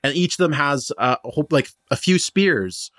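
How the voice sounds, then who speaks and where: A man serving as game master narrates a tabletop game, describing scenes in a rambling way full of fillers. His voice is on the high side and very animated, with a fairly bright tone and a moderate pace. The audio is studio quality with no room sound.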